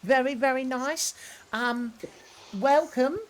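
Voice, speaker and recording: A woman's voice: high-pitched, slow pace, voice pushed up. Woman putting on a flirty ghost lady. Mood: chatty. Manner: breezy, teasing, calls people love and darling. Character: chatty flirtatious woman ghost in a big hat.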